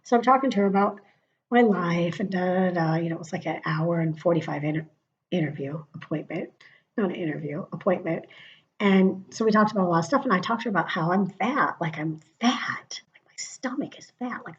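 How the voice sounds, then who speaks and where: A woman's voice: fairly low pitch, a little fast. A middle-aged woman ranting on her vlog in a chatty, profane way, often dropping into muttered asides. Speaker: vlogger. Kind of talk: casual political rant. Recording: dull lo-fi sound.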